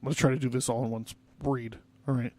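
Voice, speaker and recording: A man's voice: mid-range voice, fairly even intonation, racing, mellow, dry recording. A young man hosting a casual history podcast, rambling loosely with lots of fillers and asides. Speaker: podcast host.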